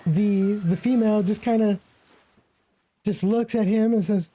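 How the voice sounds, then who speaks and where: A woman narrating as game master of a tabletop game, relaxed and full of casual fillers. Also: medium pitch, unhurried, long pauses, faint music behind, poor audio. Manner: relaxed, with many fillers like "kinda" and "like".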